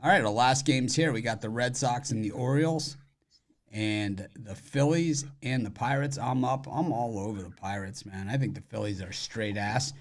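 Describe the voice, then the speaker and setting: A man hosting a live sports betting show, talking in quick, loose banter with slang. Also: medium pitch. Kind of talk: casual live-stream chat.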